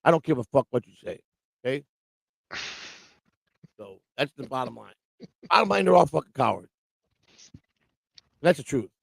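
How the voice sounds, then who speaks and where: A man with a gravelly, rough-edged voice rants through a casual morning livestream. He rambles, swears freely and mocks people by quoting them. The sound is dry and close, with no room around it. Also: mid-range voice, expressive, moderate pace, long pauses, a bit bright, dry recording. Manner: profane, rambling, quotes people mockingly. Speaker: livestream show host. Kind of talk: casual ranting chat. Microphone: livestream microphone.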